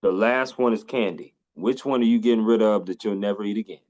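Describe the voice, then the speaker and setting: A man's voice: lowish voice, fairly quick. A man hosting a podcast, chatting playfully and exclaiming freely. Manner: playful, expressive, folksy exclamations. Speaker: podcast host. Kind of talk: casual interview chat.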